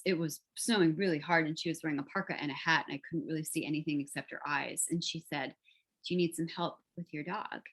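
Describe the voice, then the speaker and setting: Woman author telling a story over a video call, lowish voice, thoughtful, little ums here and there. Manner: reflective, vivid storytelling with fillers. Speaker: author guest.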